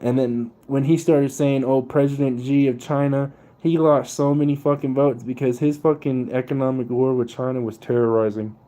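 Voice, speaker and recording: A man's voice: mid-range voice, steady tone, normal speed, hardly any pauses, mellow. A young man ranting casually and profanely, with slang and laughter. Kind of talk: casual political rant.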